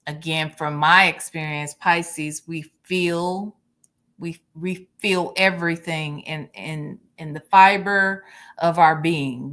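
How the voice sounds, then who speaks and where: A woman hosting a reaction show, giving measured and reflective commentary with some hesitations. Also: lowish voice, a bit bright. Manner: measured, thoughtful, halting.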